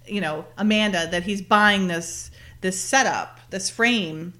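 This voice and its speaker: A woman co-hosting a podcast, recapping a TV episode in a casual, chatty way, full of "like" and "you know" and quick giggles. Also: medium pitch, sharp tone. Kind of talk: casual chat.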